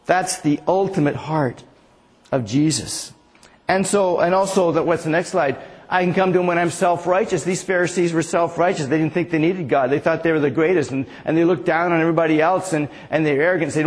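High-voiced man preaching in a reverberant hall. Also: a little fast. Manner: earnest, chuckling, quotes Jesus in a gentle pleading voice. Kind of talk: sermon.

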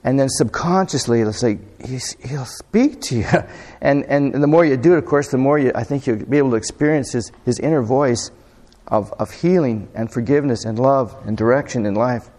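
A man preaching a sermon in a relaxed, conversational way, often putting questions to his congregation. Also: mid-range voice, moderate pace. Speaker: pastor. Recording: long reverb of a hall.

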